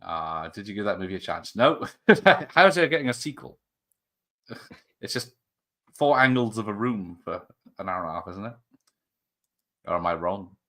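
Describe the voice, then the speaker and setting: A man's voice: on the low side, lively intonation, moderate pace, long pauses, bright, forceful tone. A man hosting a casual film watch-party stream, joking, laughing often and swearing freely. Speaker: stream host.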